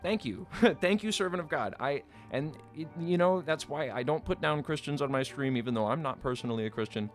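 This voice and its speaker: A man's voice: fairly high pitch, a little fast, faint music behind. A man livestreaming, reading out his chat and answering it in a combative, sarcastic way, swearing freely and laughing at his own jokes. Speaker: streamer.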